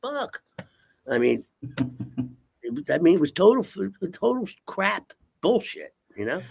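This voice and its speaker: A man's voice: high voice, big pitch swings, unhurried, creaky, slightly rough. An older man, a guest, telling rambling, profane stories in casual talk and punctuating them with "okay?". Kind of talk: casual storytelling.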